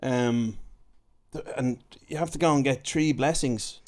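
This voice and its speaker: A man with an Irish accent who hosts a podcast and gives measured, reflective comments in casual chat. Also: mid-range voice. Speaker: podcast host.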